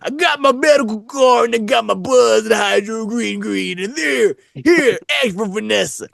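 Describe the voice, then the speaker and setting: A man doing a booming gravelly sixty-year-old man, wrestler-style hype, drawn-out yells, pitched high and strained, dry close sound. He shouts his words with a rough rasp and never settles down. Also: no echo, exaggerated voice. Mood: boisterous. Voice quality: raspy, shouting catchphrases. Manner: hyped, drawn-out "oh yeah, brother" delivery.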